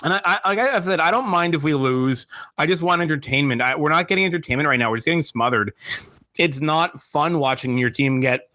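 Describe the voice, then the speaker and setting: A man's voice: fairly high pitch, lively intonation, brisk, sharp tone, no echo. A man from the Montreal area co-hosting a podcast, leading a casual chat and prompting his co-host with questions. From Montreal area, Canada.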